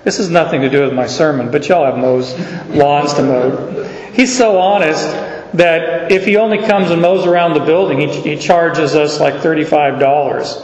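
A man preaching a sermon as pastor, in a folksy, anecdotal and animated way, in a church sanctuary. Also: fairly high pitch, moderate pace. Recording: echoey hall, dull sound.

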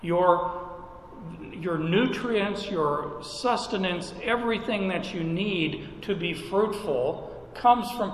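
A pastor delivers a sermon in a folksy, conversational way, leaning on emphatic repeated questions. His voice sits a little high for a man. The sound carries a long reverb from a large church hall, with faint room noise behind. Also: fairly bright tone. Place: church sanctuary.

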